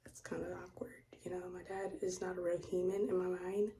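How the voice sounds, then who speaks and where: A young woman telling a rambling personal story in a casual rant, full of "like" and "you know", often dropping to a hushed half-whisper. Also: lowish voice, level tone, a little fast, a little hiss or hum. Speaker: vlogger.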